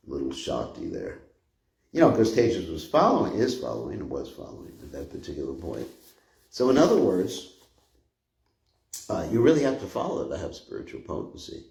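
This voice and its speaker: A man's voice: sits low, creaky, dark tone. An older man giving an informal scripture class, rambling and conversational, often chuckling. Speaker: spiritual teacher giving a class. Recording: echoey room.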